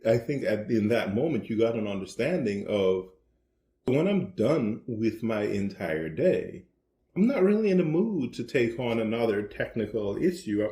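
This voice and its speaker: A man co-hosting a ministry podcast, chatting with his wife over breakfast in a measured, explanatory way. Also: medium pitch, a little mellow. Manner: measured, explanatory, leans into quoted dialogue. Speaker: podcast co-host, husband. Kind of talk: casual chat. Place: home, at the breakfast table. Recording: roomy echo.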